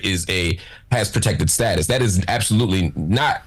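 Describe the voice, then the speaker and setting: Measured, halting male debater. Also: low-pitched, husky. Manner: measured, halting, restarts often. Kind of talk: debate argument.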